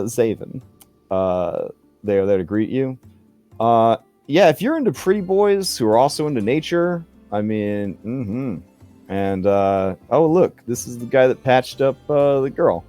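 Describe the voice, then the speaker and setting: A man's voice: medium pitch, animated, unhurried, dark tone, soft background music. A man running a tabletop game as game master, narrating in a chatty way full of fillers and jokey asides.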